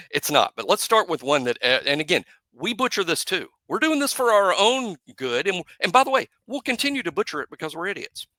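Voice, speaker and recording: A man co-hosting a casual sports podcast, playful and self-mocking, slowly spelling out names. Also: high voice, very animated, pushed and bright, no room sound. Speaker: podcast co-host.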